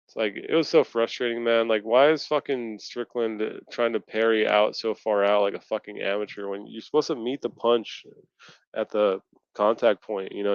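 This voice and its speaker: A man's voice: lowish voice, smooth, dry recording, highs cut off. A man on a casual video-call chat, ranting and swearing in frustration. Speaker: podcast co-host. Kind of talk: casual post-fight chat.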